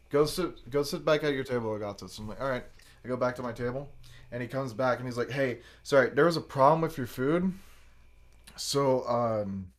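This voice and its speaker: Podcast guy, mid pitch, animated storyteller, swears a lot, does the voices in his quotes. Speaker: podcast host. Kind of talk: casual podcast chat, storytelling.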